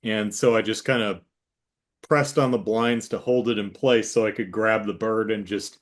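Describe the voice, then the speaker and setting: A man's voice: on the low side, steady tone, normal speed. A man hosting a casual chat with his sister, telling a rambling story and acting out the voices in it. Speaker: host.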